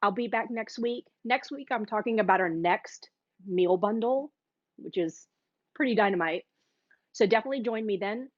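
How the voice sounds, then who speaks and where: A woman's voice: mid-range voice, normal speed, no room sound. A woman hosting a live cooking demo, chatty and gushing as she talks straight to her viewers. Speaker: cooking class host. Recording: dull, dry live-stream audio.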